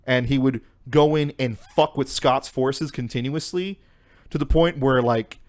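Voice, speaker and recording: Animated young man telling a story. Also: mid-range voice, measured pace. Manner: animated retelling, heavy swearing and fillers. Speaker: podcast co-host. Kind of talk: casual chat, storytelling.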